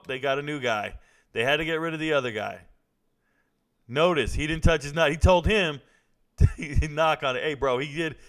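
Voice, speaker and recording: A man casually commenting live on a fight broadcast, reacting excitedly and talking to his chat. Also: mid-range voice.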